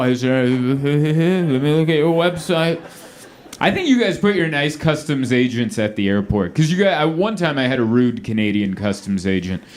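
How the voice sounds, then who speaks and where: A man performing a stand-up comedy set on a club stage, acting out the voices of the people in his stories. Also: mid-range voice. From United States. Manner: animated, acts out quoted voices. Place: comedy club stage before a laughing crowd. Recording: live club with loud crowd laughter.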